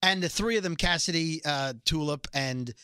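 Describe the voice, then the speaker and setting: Bright-voiced man recapping a TV episode. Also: on the high side, normal speed, clean tone, dry recording, clean studio sound. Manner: animated storytelling, acts out quotes.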